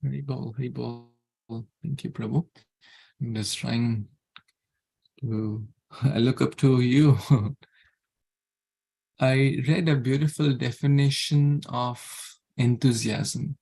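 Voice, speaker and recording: A man with a gravelly, mid-range voice leads an online scripture class. He talks earnestly and keeps circling back to the same words. He gives a small chuckle now and then. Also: mid-range voice, steady tone, slow pace, long pauses, dark tone. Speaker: class leader.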